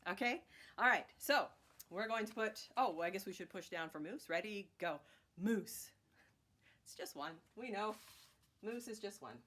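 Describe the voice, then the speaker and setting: Lively sing-song woman teaching children. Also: medium pitch, normal speed. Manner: encouraging, sing-song chanting of rhythm words. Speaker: music teacher. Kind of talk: children's music lesson.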